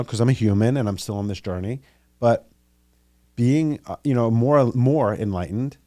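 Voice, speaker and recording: A man's voice: on the low side, dark tone, no room sound. A man hosting his own podcast, talking alone in a chatty, rambling way with playful, exaggerated complaints. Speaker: podcast host and psychic reader. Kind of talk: casual solo podcast monologue.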